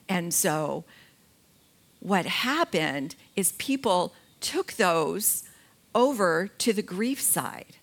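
A middle-aged woman giving a slow, gentle talk about grief, pausing often between phrases. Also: fairly low pitch. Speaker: grief educator.

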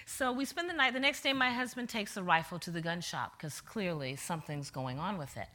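Brief: woman minister, sermon, bright voice, lively storytelling and quiet, hushed preaching. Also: lowish voice. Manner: animated storyteller, slowing to soft hushed preaching.

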